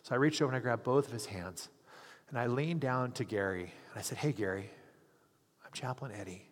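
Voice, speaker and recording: A man's voice: medium pitch, a little fast. A hospital chaplain telling a story in a sermon, earnestly acting out the people he quotes. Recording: long hall reverb.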